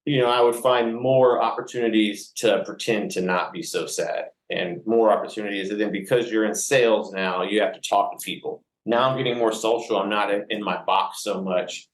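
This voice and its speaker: Man with a low voice, podcast guest, earnest and rambling, full of fillers, recorded in an echoey room. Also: fairly even intonation, normal speed, hardly any pauses. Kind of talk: candid personal storytelling.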